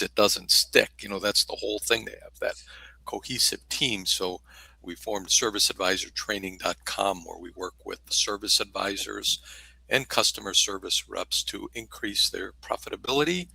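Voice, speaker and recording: A man's voice: lowish voice, creaky, sharp tone, dry recording, low-quality recording. An older man, a longtime shop owner, speaking as a guest in a folksy, self-deprecating way. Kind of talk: casual podcast interview.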